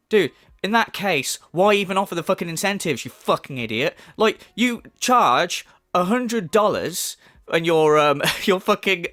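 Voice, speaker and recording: Male commentator, sneering profane rant, very animated delivery. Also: on the high side. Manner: scornful, swears heavily, mocking. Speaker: commentary YouTuber.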